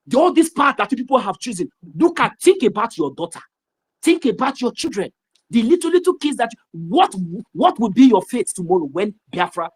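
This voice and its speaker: An activist with a Nigerian accent giving an impassioned address in a live audio room, scolding and emphatic, repeating phrases. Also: mid-range voice. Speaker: activist speaker.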